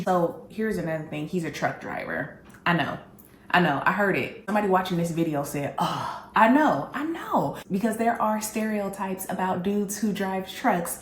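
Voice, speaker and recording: A woman's voice: lowish voice, echoey room, slight background noise. A woman candidly telling her dating stories in a sassy, humorous way, talking straight to her viewers. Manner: animated, sassy, humorous, addresses viewers directly. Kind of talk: candid storytelling.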